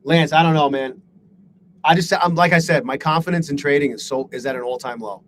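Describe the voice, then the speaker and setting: A man's voice: a little high, a little fast, a little hiss or hum, low-quality recording. A man live-streaming his day trading, talking to his chat in a frustrated, self-deprecating way and swearing a lot.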